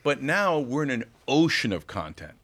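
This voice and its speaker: Lively, sarcastic male podcast host. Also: medium pitch, normal speed. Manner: sarcastic, mocking mimicry. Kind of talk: casual political discussion.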